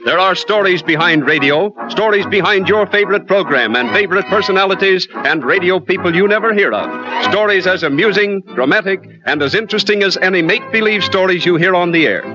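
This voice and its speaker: A man announcing a 1940s radio show in a measured, declamatory delivery, heard on an old radio transcription. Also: high voice, dull audio. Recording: 1940 radio transcription over loud music.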